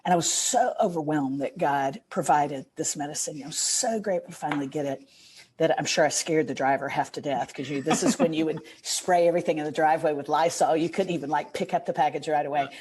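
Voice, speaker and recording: A woman's voice: deep voice, fast, darkish tone, slight background noise. A middle-aged woman, a podcast guest, telling an earnest and emotional story in a casual interview.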